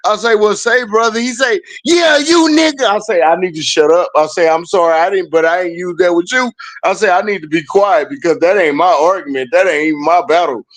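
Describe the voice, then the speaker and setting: A man's voice: high-pitched, brisk, few pauses. A man hosting a casual chat, telling stories animatedly and laughing often.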